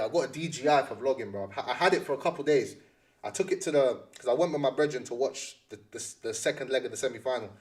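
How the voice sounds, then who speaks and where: A man's voice: medium pitch, darkish tone, far from the mic. A young man chatting casually, full of slang and repeating his phrases as he rambles. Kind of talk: casual chat.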